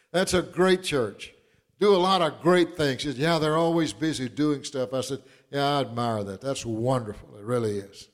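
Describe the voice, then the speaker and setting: A pastor, telling folksy stories with chuckles and building into fervent preaching. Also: male voice, mid-range voice. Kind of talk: sermon.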